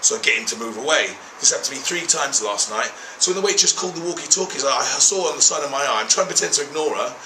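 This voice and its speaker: A man's voice: medium pitch, fast talker, hardly any pauses, echoey room, slight background noise, poor audio. A man telling a story casually, swearing freely and acting out the people in it. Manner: animated, profane, acts out quoted people. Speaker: travel documentary host.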